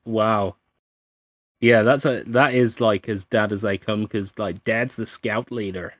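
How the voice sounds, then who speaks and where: A man's voice: fairly low pitch, fairly even intonation, unhurried, no room sound. A man co-hosting a casual podcast, rambling and swearing freely as he tells a joke story. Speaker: podcast co-host.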